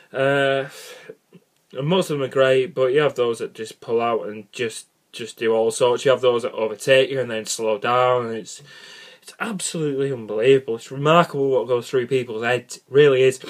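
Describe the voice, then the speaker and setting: A young man, rambling casually about cycling and bad drivers, exasperated and jokey with many restarts. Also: medium pitch. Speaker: cycling vlogger.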